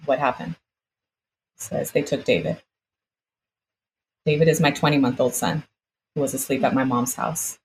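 A woman's voice: a bass voice, steady tone, normal speed, pauses often, darkish tone, a little hiss or hum, rough recording. A woman guest telling a personal story vividly, acting out the exchanges she recounts. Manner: vivid retelling, acts out quoted exchanges.

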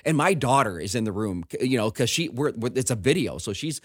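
Speaking a little fast at medium pitch, this pastor in middle age relates a personal story conversationally, lively and voicing the other characters himself. The sound is clean studio audio with no room sound.

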